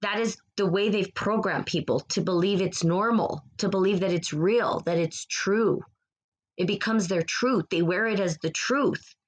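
A woman in a casual spiritual monologue, addressing her listeners directly. She talks with passion and gets preachy, circling back over her points and repeating herself. Her voice sits in a middle pitch. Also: normal speed, rough recording.

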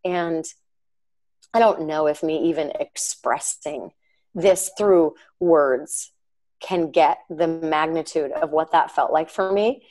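A woman in her thirties co-hosts a podcast, sharing a personal faith story. She talks earnestly and chattily, with fillers and asides to her listeners. Her voice sits a little low for a woman. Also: slow pace, a little mellow, low-quality recording. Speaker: podcast co-host.

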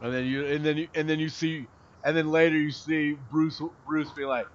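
A man co-hosting a podcast in casual chat, animated and slangy with lots of "like" fillers. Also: fairly high pitch, moderate pace, slight background noise. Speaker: podcast co-host. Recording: dull lo-fi sound.

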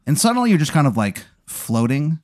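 A man's voice: a little high, very animated, fairly quick, dry recording. Guy making up a goofy story on a podcast, lots of likes and uhs, laughing a bit, dead dry sound. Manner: rambling with fillers, laughing as he tells it. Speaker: podcast host. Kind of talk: improvised comedic storytelling.

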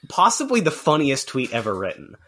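A man's voice: medium pitch, huge pitch swings, fairly quick, crowd noise. A man hosting a casual podcast chat, rambling with lots of "like" and restarts.

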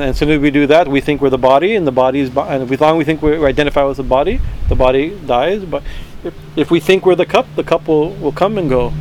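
A man teaching a verse-by-verse scripture class, chanting Sanskrit words slowly and then translating them, with many fillers and restarts. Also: a little high, darkish tone, slight background noise.

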